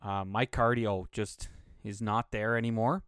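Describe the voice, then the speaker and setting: A man's voice: lowish voice, steady tone, measured pace, fairly bright tone, clean tone, no room sound, studio quality. A young man hosting a solo podcast, talking in a casual, profane, rambling and self-mocking way, slightly out of breath. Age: young adult. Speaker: podcast host. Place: home studio room.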